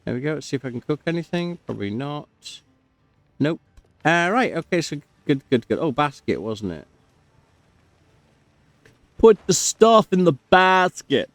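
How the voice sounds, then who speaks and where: A man's voice: medium pitch, vocal fry, no room sound. A man giving casual, chatty gameplay commentary, talking to himself and cracking jokes as he plays. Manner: chatty, self-talking, jokey.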